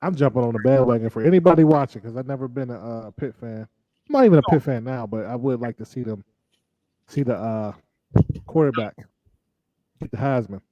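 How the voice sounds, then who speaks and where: A man's voice: medium pitch, a little fast, no echo, highs cut off. A man co-hosting a casual talk show, chatting in a laid-back, drawling way with mocking asides. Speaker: podcast co-host. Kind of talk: casual chat.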